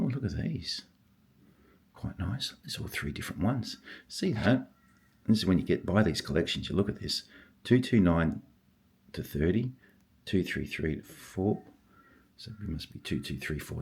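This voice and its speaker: An older man who collects stamps, talking casually and husky-voiced, murmuring and exclaiming to himself as he sorts. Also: a bass voice, a little mellow. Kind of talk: casual vlog, thinking aloud while sorting.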